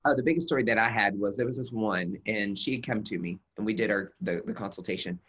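Man, nurse injector, webcast guest, casual chat, animated storytelling. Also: lowish voice, fast talker, breathy edge. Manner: animated storyteller, acts out quotes.

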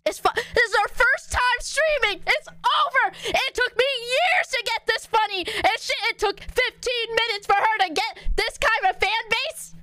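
A young woman streamer ranting loudly and excitably in casual stream chat. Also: very high voice, a little slow, hardly any pauses, a little hiss or hum. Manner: loud, excitable, swearing rants.

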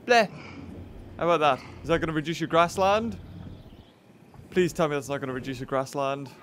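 A man hosting a let's play, chatting excitably and talking to the game's creatures as he plays. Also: a little high, brisk, noisy background. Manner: excitable, chatty, talks to the game characters. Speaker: gaming channel host.

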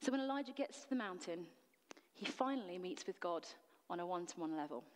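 A woman's voice: lowish voice, animated, a little fast, in a large hall. A woman preacher delivering a sermon in an earnest, emphatic way, full of rhetorical questions. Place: church.

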